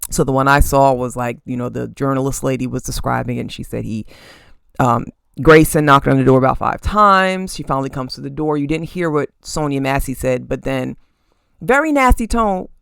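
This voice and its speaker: Emphatic gravelly podcast host. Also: mid-range voice, fairly even intonation, brisk, fairly bright tone, no echo, clean studio sound. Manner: emphatic and blunt, cursing, checking in with "okay?". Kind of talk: casual opinion commentary. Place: room at home with crystals and statues on display. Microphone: camera facing the host.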